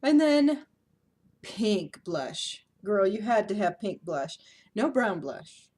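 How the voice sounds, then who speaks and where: Woman, 30s, home vlogger: chatty, self-mocking, quick to laugh, pitch a touch high. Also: expressive, a little mellow, breathy edge. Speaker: beauty vlogger. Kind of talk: casual vlog chat.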